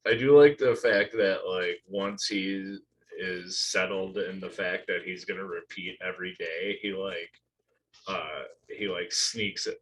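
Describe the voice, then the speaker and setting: A man's voice: low-pitched, fairly even intonation, fairly bright tone, poor audio. A man co-hosting a podcast, chatting loosely and cursing casually. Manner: loose, profane, jumps in with quick remarks. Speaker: podcast co-host. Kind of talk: casual chat.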